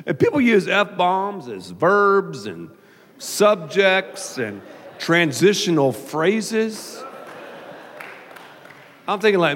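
Southern male pastor, high and playful, sermon with a long hall echo. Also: slow, a little hiss or hum. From American South. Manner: animated, jokey, does mock voices. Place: large church auditorium. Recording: long reverb of a large hall.

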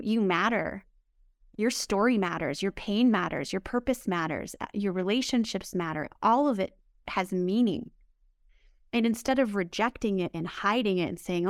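A woman's voice: medium pitch, dry recording, clean studio sound. A woman healing coach answering interview questions in an emphatic, upbeat way, often repeating words for stress. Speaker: spiritual healing coach, guest.

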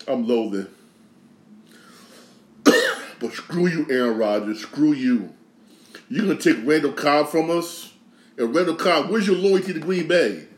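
A man from Connecticut hosting a podcast, ranting casually with slang and a lot of repetition, swinging from loud outrage to low grumbling. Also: roomy sound. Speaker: podcast host. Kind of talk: casual sports rant.

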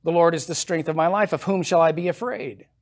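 A man's voice: a little high, a little fast. A man preaching a sermon as pastor in a church, reading scripture aloud with emphatic rises and then explaining it in a plain, conversational way.

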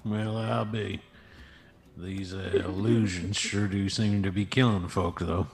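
A man's voice: low-pitched, steady tone, takes it slowly, pitched below the performer's own voice. A man doing a folksy, brash axe warrior. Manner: folksy, old-timey turns of phrase. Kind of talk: in-character role-play.

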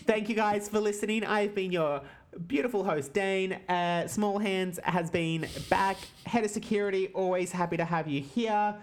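A woman's voice: medium pitch, normal speed. A woman hosting a casual wrestling podcast, teasing and swearing freely, often laughing. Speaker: podcast host.

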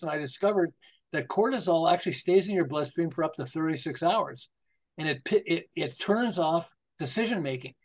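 An older man, a marketing consultant, chatting as a podcast guest and telling stories with frequent laughter. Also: on the high side. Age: 60s or older. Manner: animated, laughs often while telling jokes and anecdotes. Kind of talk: casual conversational storytelling.

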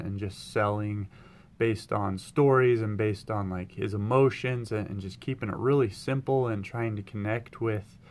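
A young man hosting a podcast, telling a story in a rambling, animated way with frequent restarts. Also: on the low side, slight background noise. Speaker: podcast host. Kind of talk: casual storytelling monologue.

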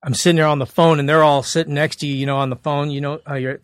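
Male podcast guest, relaxed slangy storyteller, a bit higher voice, close and dry mic. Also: fast, dry recording. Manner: animated, acts out quoted dialogue; laid-back slang-heavy talk. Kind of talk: casual interview storytelling.

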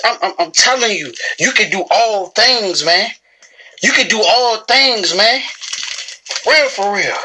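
A woman delivering a motivational talk to camera from her shop, emphatic and preachy, hammering the same lines again and again. Her voice sits a little high and comes across bright and forceful. She keeps calling her listeners bro and sis. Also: a little hiss or hum, rough recording. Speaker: business owner.

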